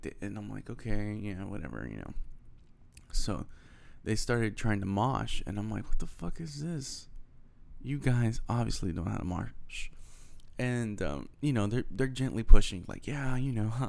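Young guy from houston rambling thru a story, swears a lot, lowish gravelly voice. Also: a little slow. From Houston, Texas. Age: young adult. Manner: rambling, profane, animated retelling with quoted dialogue. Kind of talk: casual storytelling monologue.

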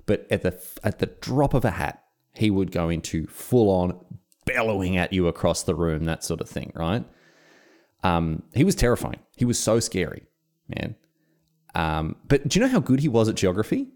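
A man's voice: deep voice, big pitch swings, moderate pace, darkish tone. A young man hosting a history podcast, telling wry, self-mocking school stories in casual chat. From Australia.

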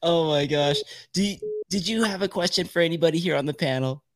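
A man's voice: a little high, fairly quick. A man hosting a podcast in casual chat, upbeat and chatty, laughing often. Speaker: podcast host.

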